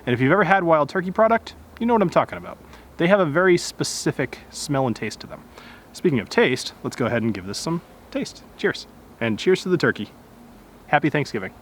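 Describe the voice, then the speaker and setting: A man's voice: a little high, animated, a little fast, slight background noise. A man casually reviewing a whiskey outdoors, chatty and correcting himself as he goes. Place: outdoors in nature.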